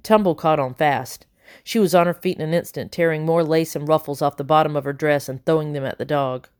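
Brief: woman audiobook narrator, lower voice, dry close sound, animated storytelling. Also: brisk, no echo. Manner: lively, voices the characters. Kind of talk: scripted narration.

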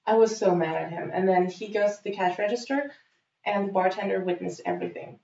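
Young woman, casual storyteller, lively and profane, muffled roomy sound. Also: medium pitch, normal speed, gravelly. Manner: animated, swears freely, acts out quotes. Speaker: guest telling a story. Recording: dull roomy recording.

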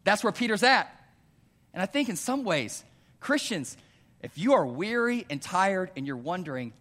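Slightly high-voiced preaching man. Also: big pitch swings, normal speed. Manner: preaching with frequent call-outs of "amen?" and rhetorical questions; swings between hushed earnest pleading and louder emphatic urging. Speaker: pastor. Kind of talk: sermon. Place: church hall before a congregation.

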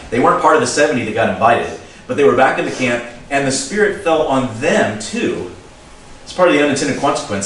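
A middle-aged man preaching a sermon in a relaxed, conversational way, reading scripture and adding chuckling asides. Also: medium pitch. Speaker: pastor. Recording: very echoey room, distant mic, faint noise.

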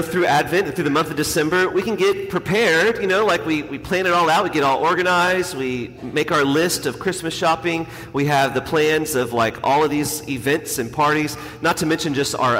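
A man's voice: on the high side, normal speed, hardly any pauses, fairly bright tone. A man, a priest, telling a self-deprecating story in a casual, conversational homily. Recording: long hall reverb, faint ambience.

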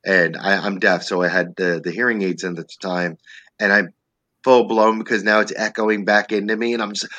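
Animated, bright-voiced storytelling comedian. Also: male voice, on the low side, moderate pace, no echo, dull audio. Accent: New Jersey. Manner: animated storyteller, acts out his own panicked voice. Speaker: stand-up comedian, guest. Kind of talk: storytelling in a podcast interview.

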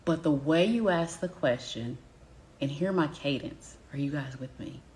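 Low-voiced Southern woman coaching live. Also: a little slow, a little mellow, slight background noise. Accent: Southern American. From Southern United States. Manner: emphatic, addresses audience directly with repeated check-ins. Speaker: business coach.

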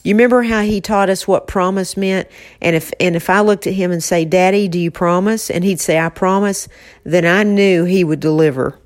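A woman co-hosts a casual chat from an office, her voice sitting a little low. She talks with affection and emotion and slips in gentle teasing. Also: fairly quick. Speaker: podcast co-host.

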